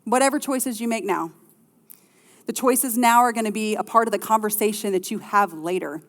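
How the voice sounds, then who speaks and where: A middle-aged woman preaches with a lilt, talking to the congregation like friends and tossing in playful asides. Her voice sits at a middle pitch. It carries a long reverb through the church hall. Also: moderate pace. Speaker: pastor. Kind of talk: sermon.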